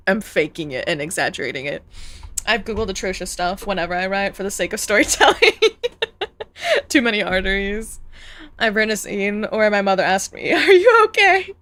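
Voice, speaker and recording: A young woman chats loosely on a live stream, thinking out loud and reading comments back to her viewers. She laughs easily and trails off into asides. Her voice sits at an ordinary pitch for a woman. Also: animated, moderate pace. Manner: chatty, thinks aloud, laughs often, reads chat. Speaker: streamer reacting to videos. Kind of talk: casual live-stream chat.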